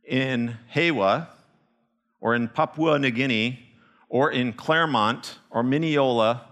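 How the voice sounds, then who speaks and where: A man preaching a sermon as a missionary, telling stories with animated emphasis and frequent restarts. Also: medium pitch, slow. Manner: animated storytelling with restarts, rising to emphatic peaks.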